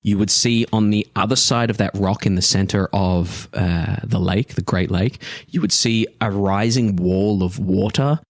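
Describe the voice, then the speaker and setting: A man's voice: on the low side, moderate pace, hardly any pauses, no room sound, studio quality. A man narrating as game master of a tabletop game, casual and joking, often restarting his sentences.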